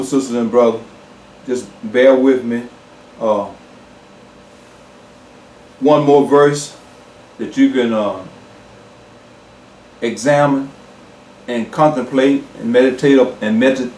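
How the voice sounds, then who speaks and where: A man preaching a sermon, slow and emphatic, repeating key words and pausing with fillers. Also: mid-range voice, a little mellow, echoey room, far from the mic.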